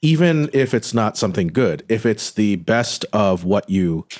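Lowish-voiced man, producer, explains things slow and careful. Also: big pitch swings, darkish tone. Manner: measured, explanatory, thinks aloud. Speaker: podcast producer. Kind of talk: explaining in casual chat.

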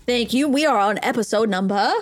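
A woman's voice: on the high side, brisk, a loud crowd. A woman co-hosting a spiritual podcast with a cartoony voice, bubbly and giggly as she chats. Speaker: podcast co-host. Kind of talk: casual spiritual podcast chat.

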